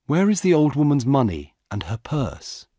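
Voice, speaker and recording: A man's voice: mid-range voice, sing-song, normal speed, dark tone, husky, dry recording, studio quality, pitched above the performer's own voice. A man voicing Sue, a curious female police officer in a storybook. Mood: alert.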